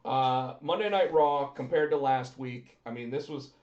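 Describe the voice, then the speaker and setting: Speaking at a measured pace in a mid-range voice, a man co-hosts a laid-back wrestling podcast, getting animated and acting out other people's words. The audio is dull and lo-fi, with an echoey room.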